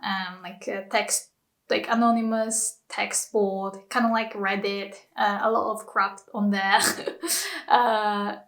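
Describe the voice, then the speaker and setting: Slow, chatty Japanese-accented young woman. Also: medium pitch, level tone, fairly bright tone. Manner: chatty, giggles often between words. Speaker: language teacher. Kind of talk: casual language lesson.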